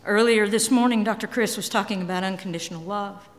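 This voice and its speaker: A middle-aged woman giving a candid, emotional personal talk on stage, swinging between quiet and emphatic. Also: medium pitch, fast. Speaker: speaker. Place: large hall. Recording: long hall reverb.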